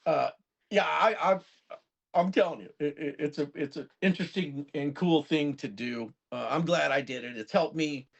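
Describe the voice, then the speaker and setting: A man's voice: a little high, moderate pace, creaky, muffled recording. A man in his fifties, a guest musician on a podcast, chatting casually and rambling through stories, swearing freely as he goes. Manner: animated, rambling storyteller who swears freely. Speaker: guest musician and record producer.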